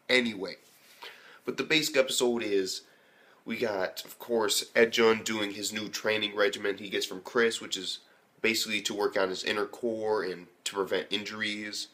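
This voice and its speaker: A young man giving a casual, rambling anime episode review, swearing often and switching from hyped to unsure. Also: lowish voice. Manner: profane, rambling, excitable, lots of fillers.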